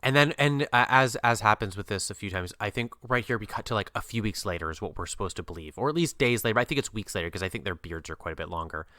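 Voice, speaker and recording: Low, bright-voiced man musing on a film. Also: animated, fast, few pauses, no echo. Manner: rambling with many "uh" and "um" restarts, dry asides. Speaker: podcast co-host. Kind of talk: casual film discussion.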